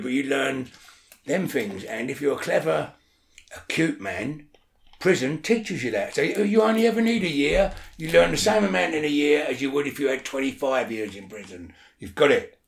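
A man's voice: fairly high pitch, animated, moderate pace, gravelly, echoey room. A man talking as an interview guest in casual chat, blunt and swearing a lot, often checking that the listener follows.

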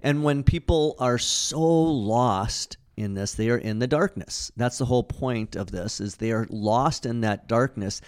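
A man's voice: mid-range voice, a little slow, hardly any pauses, clear, resonant tone. A man co-hosting a casual Bible study discussion, talking in an earnest, conversational way with frequent restarts.

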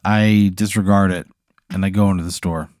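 A man's voice: deep voice, fairly even intonation, moderate pace, a little mellow, no echo. A man playing a character in a tabletop game, answering in a dry, exasperated, wisecracking way. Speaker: player. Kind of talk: casual comedic role-play chat.

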